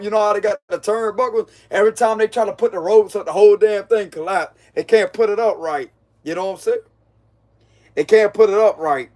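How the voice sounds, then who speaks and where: High-voiced man giving a slangy tarot reading. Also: a little mellow. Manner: slangy, laughs often, mocking. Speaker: tarot reader. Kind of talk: casual tarot reading monologue.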